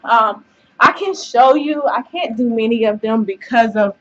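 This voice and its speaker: A woman's voice: a little high, a little slow. A woman giving a casual, encouraging fitness vlog to camera, chatty and full of fillers, sometimes out of breath. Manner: chatty and encouraging, many fillers, says y'all and child. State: out of breath at times. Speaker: fitness vlogger. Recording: dull, faint noise, mic away from speaker.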